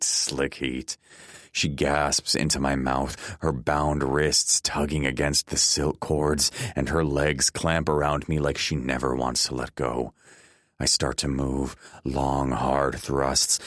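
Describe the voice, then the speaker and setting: A man narrating a romance audiobook in the first person, low, intense and measured. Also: fairly bright tone, dry recording, studio quality.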